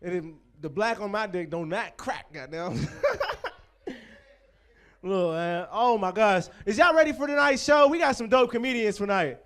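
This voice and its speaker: A man's voice: high voice, expressive, normal speed, a bit bright, clear, resonant tone. A man in his twenties from Pittsburgh hosting a stand-up comedy show, talking loose and profane and teasing the crowd. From Pittsburgh, USA. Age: 20s.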